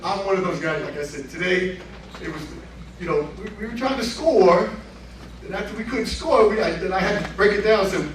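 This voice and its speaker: A man telling a lively story at a reunion event, acting out the voices of the people in it and laughing along. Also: high-pitched, a little fast, slight background noise. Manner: animated, laughing storyteller who acts out quotes. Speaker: honoree giving a speech. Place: banquet room with crowd. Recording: roomy hall, far from the mic. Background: crowd murmur and laughter.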